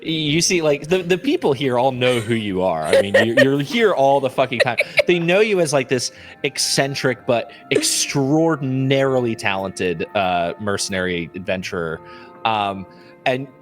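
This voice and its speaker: A man's voice: mid-range voice, expressive, moderate pace, a bit bright, faint music behind. A man narrating as game master, loose and laughing, with many fillers.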